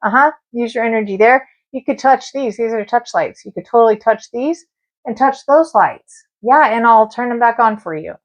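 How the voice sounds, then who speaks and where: A woman's voice: on the high side, expressive, moderate pace. Chatty woman hosting a live stream. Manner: chatty, talks straight to viewers and spirits. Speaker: live-stream tarot and spirit box host. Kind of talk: casual live-stream chat.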